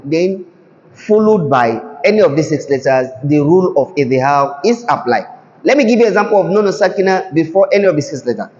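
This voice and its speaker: A man teaching Tajweed who explains patiently, repeats example words slowly, and keeps asking the listener "can you see?". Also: high-pitched, darkish tone. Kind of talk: classroom-style recitation lesson. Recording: dull lo-fi sound in a reverberant hall.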